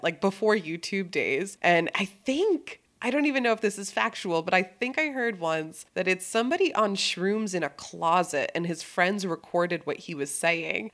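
A woman's voice: fairly low pitch, fairly bright tone. A woman hosting a podcast, introducing the episode and chatting in an upbeat, casual way. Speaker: podcast host. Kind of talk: casual chat.

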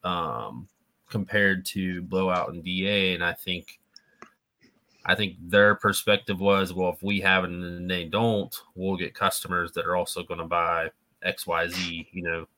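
A man with a very low but bright voice talks casually. He gives his opinions in a reflective, measured way. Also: fairly even intonation. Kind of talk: casual chat.

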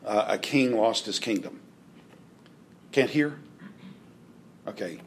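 Halting man teaching a Bible class. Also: on the low side, slight background noise. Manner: halting, many fillers and restarts, dry joking asides.

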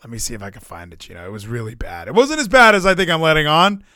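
A man co-hosting a casual wrestling podcast, sarcastic and animated, breaking into shouted mock quotes. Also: fairly high pitch, quick pace, no room sound, studio quality. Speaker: podcast co-host.

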